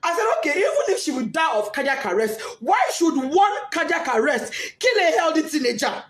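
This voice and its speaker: A grieving Nigerian mother giving a tearful, impassioned testimony, often breaking into shouts and sobs. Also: high voice, sing-song, brisk. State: crying, distraught. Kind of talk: emotional testimony.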